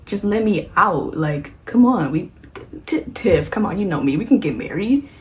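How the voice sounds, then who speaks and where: A woman voicing a small male killer doll who mocks and scoffs in shrill, exaggerated disbelief. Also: lively intonation, normal speed, darkish tone, lightly acted. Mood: pleading.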